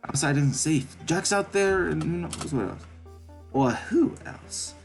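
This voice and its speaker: A man's voice: on the high side, lively intonation, unhurried, creaky, music in the background, voice pushed up. A man voicing an anxious, earnest young male hyena who has just finished school, in a game reading. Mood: worried. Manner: nervous, earnest, questioning.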